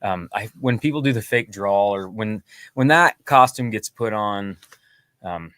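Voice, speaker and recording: A lower-voiced man talks as a podcast guest, wandering through his thoughts with frequent ums and wry jokes at his own expense. The sound is close and dry. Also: unhurried, fairly bright tone, no room sound. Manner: rambling, self-deprecating, many ums and restarts. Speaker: guest songwriter and singer. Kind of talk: casual interview chat.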